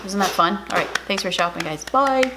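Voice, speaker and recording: A woman hosting a casual home cooking video, chatty and excitable, talking straight to her viewers. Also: mid-range voice, brisk, noisy background. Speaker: cooking vlogger. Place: home kitchen.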